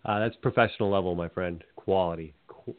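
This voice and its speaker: A man's voice: deep voice, brisk, dry recording. A man co-hosting a casual sports radio show, cutting in with laid-back jokes and banter. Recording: dry, tinny phone-line sound.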